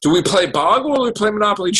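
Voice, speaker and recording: A man hosting a casual podcast chat, recapping TV shows in an excitable, profane, animated way. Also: high voice, quick pace, poor audio. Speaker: podcast host.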